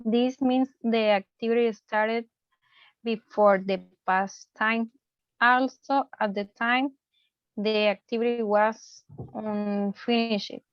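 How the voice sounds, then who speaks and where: A woman student in an English class, slowly and carefully reading a grammar chart aloud. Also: on the high side, steady tone, clean tone, no room sound, lo-fi sound.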